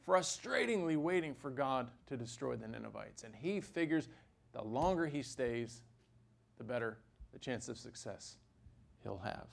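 A man preaching a sermon, animated, with sudden jumps in pitch and loudness and dry asides. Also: normal speed, creaky.

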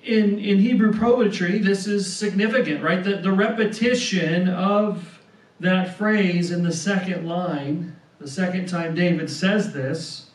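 A high-voiced man preaches slowly and deliberately, often repeating words and tacking on "right?". He's far from the mic, and a roomy echo hangs around his voice as if in a church hall.

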